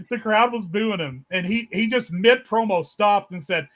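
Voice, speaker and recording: High bright-voiced man, excited storytelling. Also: a little slow. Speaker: podcast co-host. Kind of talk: casual chat.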